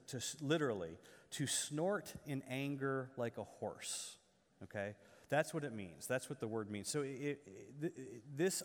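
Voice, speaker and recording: A man's voice: mid-range voice, long reverb tail. A man preaching a sermon in earnest, asking rhetorical questions and often restarting his words. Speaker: pastor.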